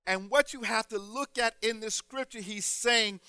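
High, bright-voiced man preaching a sermon. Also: normal speed, clean tone, dry recording. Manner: rhythmic preaching, rising to shouted emphasis.

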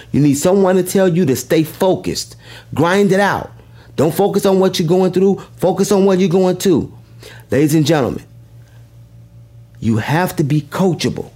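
This motivational speaker is a man with a high, warm voice. He preaches his message emphatically, circling back to key lines and asking the crowd questions.

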